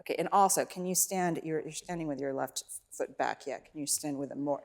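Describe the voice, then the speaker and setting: A woman's voice: sits low, brisk. A woman teaching a violin masterclass, coaching a student with short encouraging cues and singing phrases to demonstrate. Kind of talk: coaching over live playing. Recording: loud violin and piano playing behind.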